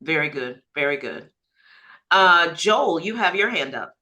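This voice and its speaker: A woman broker leading a group training on a video call, emphatic and lively, laughing easily as she coaches agents. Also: deep voice, measured pace, poor audio.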